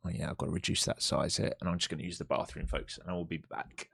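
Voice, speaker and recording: A man's voice: sits low, fairly even intonation, fast, gravelly, fairly bright tone, husky. A man commentating his trades live on a stream, swearing and mocking viewers in chat. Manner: urgent cheering at the price chart.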